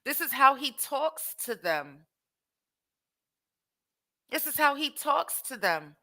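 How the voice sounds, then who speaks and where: Woman ranting casually on her vlog, bright sharp voice, kinda high. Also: slow. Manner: animated, exclaiming and asking rhetorical questions. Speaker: host. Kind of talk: casual commentary reacting to clips.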